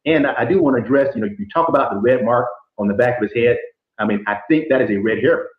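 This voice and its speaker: A man, a trial lawyer appearing as a guest, making his case in quick, measured arguments. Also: medium pitch. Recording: dull, roomy remote feed.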